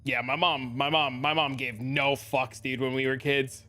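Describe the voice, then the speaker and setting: A man's voice: medium pitch, flat delivery, moderate pace, pushed and bright. A man streaming, telling rambling, profane stories in casual chat. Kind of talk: casual storytelling.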